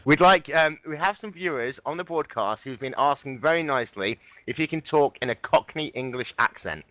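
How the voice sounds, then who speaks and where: A man's voice: fairly high pitch, lively intonation, normal speed, sharp tone, no room sound, low-quality recording. A man doing lead commentary on a live sim racing broadcast, chatty and joking.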